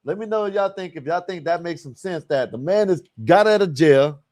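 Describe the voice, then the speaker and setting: A livestream host gives casual, blunt, and profane reactions to a video clip, tossing out rhetorical questions. His high voice is animated and fairly quick with a darkish tone, recorded at studio quality without echo.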